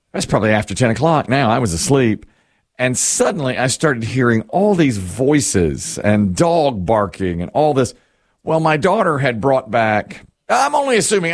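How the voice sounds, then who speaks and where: A middle-aged man chats casually on a talk show, rambling through a wry story about his own household. He laughs at himself often, and his pitch rises and falls a lot as he goes. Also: dry recording, studio quality. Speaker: radio show host. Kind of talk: casual chat.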